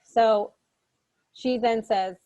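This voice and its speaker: A woman's voice: fairly high pitch, steady tone, very slow, warm tone, muffled recording. A woman in her thirties, a literature instructor, giving a recorded lecture on a short story. She talks in a casual, chatty way and makes frequent asides.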